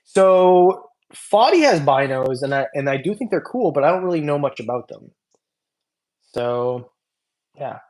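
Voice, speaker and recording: A man's voice: a little high, sing-song, measured pace, a little mellow. A man hosting a long casual livestream, reading chat comments aloud and joking loosely, tired after hours on air. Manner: loose, rambling, joking, many fillers. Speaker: reptile channel host.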